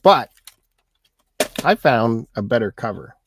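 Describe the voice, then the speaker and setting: Laid back guy, mid pitch, just going thru his stuff plainly. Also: sing-song, slow, background noise. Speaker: co-host of a live stream show. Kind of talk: casual chat.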